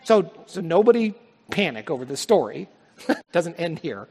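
Man, pastor, high-pitched, conversational sermon, emphatic restarts, reverberant sanctuary. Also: big pitch swings, normal speed, darkish tone, slight background noise. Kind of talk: sermon with scripture reading. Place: church sanctuary. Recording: long hall reverb.

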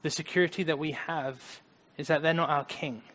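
Man, preacher, slightly high voice, earnest sermon, long reverb. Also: fairly even intonation, normal speed. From United States. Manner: earnest, conversational, shifting between loud emphasis and soft murmurs.

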